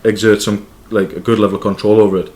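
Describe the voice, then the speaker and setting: Field: podcast co-host. Sex: man. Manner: animated, sweary storyteller. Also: lowish voice, fast talker. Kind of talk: casual chat.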